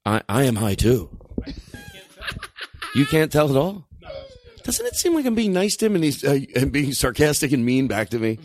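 A man's voice: medium pitch, normal speed, pauses often, slight background noise. A man hosting a loose comedic chat, swearing often and laughing through his bits. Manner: swearing, animated, breaks into laughs.

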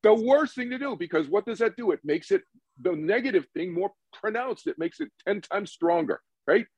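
A man's voice: sits high, normal speed, husky, dry recording, low-quality recording. A man talking as a guest meditation teacher in a podcast interview, acting out quotes and asking rhetorical questions. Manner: animated, acts out quotes, asks rhetorical questions.

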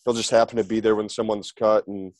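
A man in his forties chats casually as a podcast guest over a remote call, rambling and putting on silly voices for jokes. His lowish voice is flat, fast and darkish, recorded dry.

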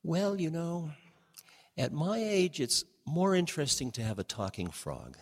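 A man's voice: on the high side, very animated, a little slow, a crowd in the background, voice pushed up. An older man doing a wry old man. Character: dry-humored old man on a stroll. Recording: long hall reverb.

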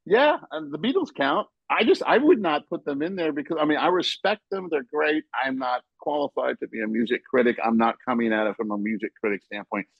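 A man chatting casually on a podcast, his pitch leaping as he acts out what people said. His voice is a little husky and the sound is dull and lo-fi. There is no room echo. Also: a little fast, few pauses. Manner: animated storyteller, acts out quotes loudly. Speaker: podcast guest, basketball writer.

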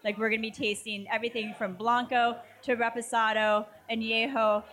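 A woman's voice: a little high, level tone, a little fast, a bit bright, slight background noise. A woman guest, a brand representative, talking in a chatty, upbeat way at a tasting event, with lots of casual fillers.

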